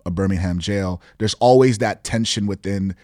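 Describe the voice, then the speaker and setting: Pastor co-host, man, low voice, dry close sound, thoughtful and reflective. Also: normal speed, darkish tone, no echo. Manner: reflective, thoughtful, speaks in abstract terms. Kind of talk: casual Bible discussion.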